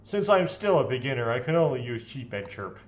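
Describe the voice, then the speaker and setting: A man's voice: medium pitch, big pitch swings, fairly quick, dull audio. A man hosting a let's play, reading visual novel text aloud in a playfully theatrical way and adding his own comments.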